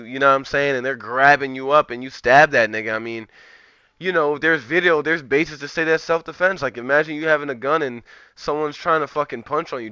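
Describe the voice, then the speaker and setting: A man's voice: on the high side, pushed and bright, clear, resonant tone, no room sound, highs cut off. A man streaming live, ranting profanely and rambling in a heated, casual way. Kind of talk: live-stream commentary rant.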